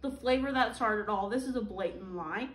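A woman's voice: mid-range voice, normal speed. A young woman reviewing a boxed food item with sarcastic jokes and frequent laughter. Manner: sarcastic, joking, laughs often. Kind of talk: comedic food review chat. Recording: echoey room with faint noise.

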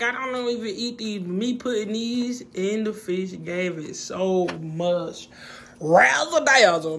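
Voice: medium pitch, sharp tone. Home cook, casual vlog chat, slangy, joking, laid-back, kitchen, faint background hiss. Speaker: home cooking vlogger.

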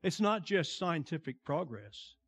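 Slow, deliberate high-voiced male preacher. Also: sing-song, husky. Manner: slow, deliberate preaching that drops to a hushed tone and swells on emphasis. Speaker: pastor. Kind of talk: sermon.

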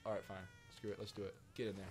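A man's voice: on the low side, level tone, very fast, a little mellow. A man hosting a let's play, joking and grumbling, with mild mock cursing. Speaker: gaming channel host. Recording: commentary over noisy game audio.

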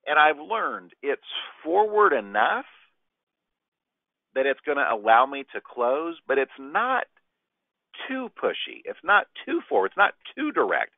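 A man's voice: fairly high pitch, a little slow, gravelly, no room sound. A man teaching a sales training session, acting out short client exchanges as he goes. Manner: animated, acts out client exchanges. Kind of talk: training talk with role-played dialogue. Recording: dry tinny phone-like line.

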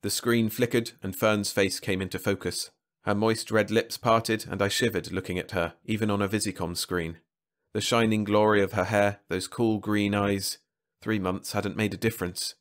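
A man reading a science-fiction story aloud in a measured, even manner. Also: fairly low pitch. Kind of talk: scripted narration.

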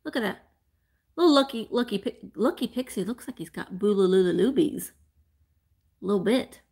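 A woman's voice: mid-range voice, expressive, moderate pace, vocal fry, darkish tone, slightly rough. A woman hosting a live vintage sale, chatting casually and gushing over each item she unwraps. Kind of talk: casual live-stream chat.

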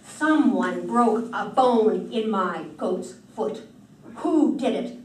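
A woman's voice: very animated, moderate pace, darkish tone, a little hiss or hum, natural voice. A woman voicing a stern, commanding male thunder god in a told myth. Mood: furious. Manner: booming, commanding. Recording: roomy distant hall mic.

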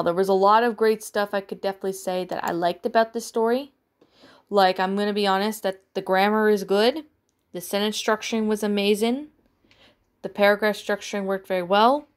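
A woman who reads a creepypasta aloud and then reviews it in a casual, rambling way, with halting restarts and a lot of repetition. Soft music plays behind her. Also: medium pitch. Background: soft background music.

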